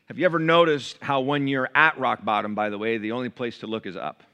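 A male pastor delivers a sermon to his congregation in a church. His voice is bright and forceful, at an ordinary pitch for a man. He moves from quiet, intimate asides to loud, raised passages. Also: fairly even intonation, fast talker. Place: church sanctuary.

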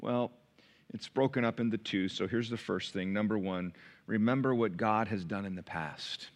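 A man's voice: fairly low pitch, normal speed. A man, a pastor, preaching a sermon and reading scripture, building emphasis through repeated phrases. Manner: preaching with rising emphasis and repetition.

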